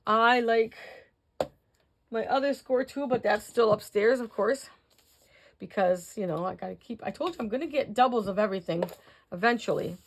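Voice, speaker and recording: A woman's voice: fairly high pitch, normal speed, a little hiss or hum. An older woman hosting a casual crafting tutorial, chatting to viewers as she works and counting out measurements.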